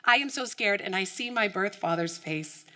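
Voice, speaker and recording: A woman from the United States giving an inspirational keynote talk, telling her story with animated storytelling and acting out the voices of the people in it. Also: mid-range voice, moderate pace. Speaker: keynote speaker.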